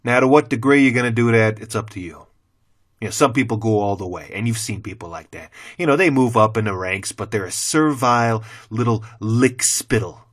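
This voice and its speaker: A middle-aged man, a former teacher, delivering a blunt, profane opinion rant to the camera with heavy cursing and sudden loud swings into mockery. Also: fairly low pitch, fairly quick. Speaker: former teacher turned channel host.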